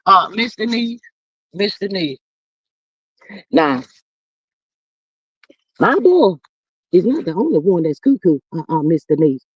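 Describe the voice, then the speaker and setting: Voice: medium pitch, big pitch swings, slow, pauses often, breathy edge, dry recording, exaggerated voice. A performer voicing a defensive, folksy older mother who rambles and calls everyone honey, chatting in character on a livestream. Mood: protesting. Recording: slightly muffled dry livestream audio.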